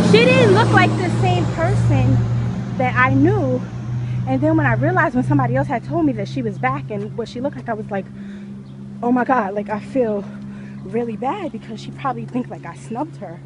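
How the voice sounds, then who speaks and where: Heavy background noise surrounds a woman with a fairly high-pitched voice as she walks outdoors in hot weather. Slightly out of breath from going uphill, she rambles passionately through her casual vlog, leaning on lots of fillers.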